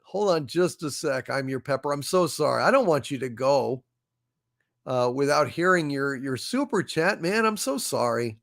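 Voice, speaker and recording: A man hosting a casual livestream, reading viewer chats aloud and thanking viewers, effusive and apologetic, often halting with fillers. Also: medium pitch, lively intonation, creaky, fairly bright tone. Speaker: livestream host. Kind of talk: casual live chat, reading super chats.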